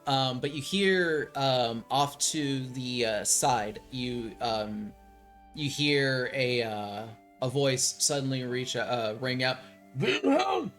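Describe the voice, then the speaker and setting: A man narrating a tabletop role-playing game as game master, relaxed and full of ums and likes. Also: medium pitch, takes it slowly, faint music behind.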